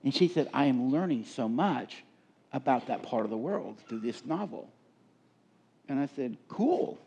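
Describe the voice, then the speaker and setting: A man's voice: mid-range voice, expressive, normal speed, warm tone, husky, highs cut off. A middle-aged man speaking at a live leadership seminar, telling stories and asking the audience questions in a conversational way. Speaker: workshop speaker.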